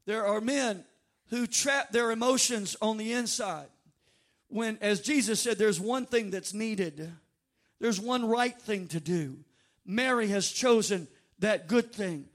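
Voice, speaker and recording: A male pastor, from North Louisiana, preaching a dynamic sermon with bursts of shouting and drawn-out, sung phrases. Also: high voice. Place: church sanctuary before a congregation.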